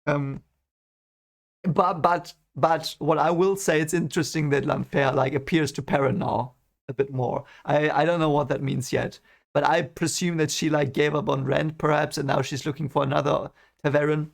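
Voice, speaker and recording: Young man, gravelly voice, a bit high, rambling read-along commentary, restarts sentences. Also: steady tone, moderate pace. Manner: thinks aloud, rambling with frequent restarts. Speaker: book reaction reader.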